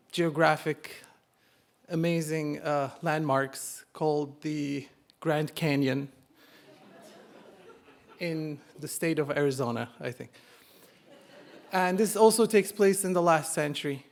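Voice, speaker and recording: A man in his forties from Turkey with a Turkish accent, telling a funny personal story live on stage, self-mocking and building to punchlines. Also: a little high. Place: live stage before an audience.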